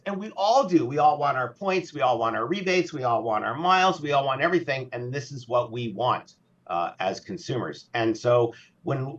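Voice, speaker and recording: Animated man on a distant, dull mic. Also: medium pitch. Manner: animated, acts out shoppers in little voices. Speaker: podcast guest, payments specialist. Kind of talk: casual podcast conversation.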